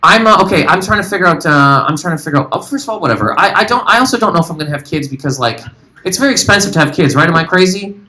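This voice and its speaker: High-voiced rambling stand-up comedian. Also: male voice, racing, rough recording. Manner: animated, rambling, talks to the audience. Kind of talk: stand-up comedy with crowd work. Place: live comedy venue.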